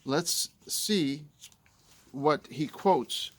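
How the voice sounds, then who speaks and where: A man's voice: fairly high pitch, very slow. A man giving a casual spoken book review, conversational with fillers, growing emphatic as he argues.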